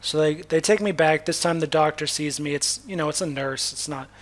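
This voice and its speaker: A man's voice: on the high side, fairly quick. A young man from Massachusetts telling a personal story as a vlogger. He talks candidly, swears freely, and often restarts his sentences. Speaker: spiritual vlogger. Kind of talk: casual personal storytelling monologue.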